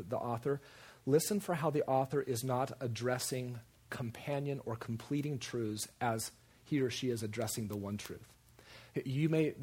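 Husky man preaching with repetitions. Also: mid-range voice. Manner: animated, repeats phrases for emphasis, jumps into quoted voices. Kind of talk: sermon.

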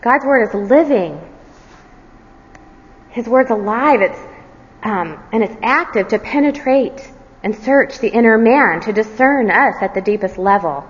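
A woman's voice: on the high side, animated, measured pace. Woman preacher, earnest sermon, long hall reverb, muffled lo-fi sound. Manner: earnest, self-deprecating asides. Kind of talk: expository sermon.

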